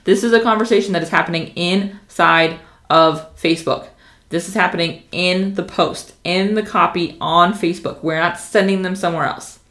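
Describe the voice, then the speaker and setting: Woman marketing coach, lowish voice, quick and excited, roomy echo. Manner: fast, energetic and passionate, with many fillers. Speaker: social media marketing coach. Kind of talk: casual instructional talk to camera.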